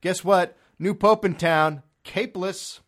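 A man's voice: high voice, slow, a bit bright. A man from America doing a rambling, profane comedy monologue, sarcastic and acting out little voices. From United States.

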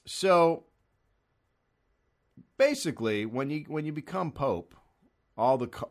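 A man's voice: mid-range voice, fairly bright tone. A man from America doing a rambling, profane comedy monologue, sarcastic and acting out little voices. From United States.

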